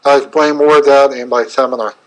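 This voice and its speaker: A middle-aged man giving an unscripted webinar lecture as a chiropractor, speaking in halting, fragmented phrases with frequent fillers. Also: mid-range voice, steady tone, low-quality recording.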